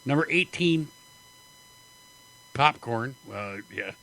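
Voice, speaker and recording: A man's voice: fairly high pitch, expressive, slow, gravelly, sharp tone, low-quality recording. A man hosting a talk radio show, chatting casually and laughing often between jokey asides. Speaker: radio host.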